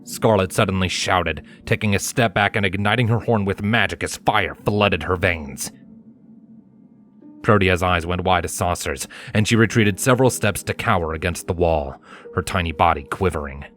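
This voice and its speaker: A man reading fan fiction aloud in a measured, dramatic narration. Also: deep voice, a bit bright. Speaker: fanfiction reader. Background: faint background music.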